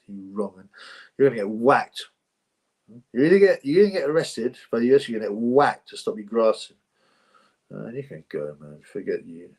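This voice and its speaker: A man's voice: medium pitch, a little mellow. A man from England hosting a boxing livestream, reading viewer comments aloud in a rambling, blunt, mocking way with many restarts.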